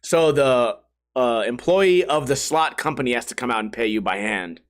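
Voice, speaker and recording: A man hosting a solo podcast, telling rambling stories in a casual, animated way, laughing and swearing along. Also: mid-range voice, normal speed. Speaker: podcast host.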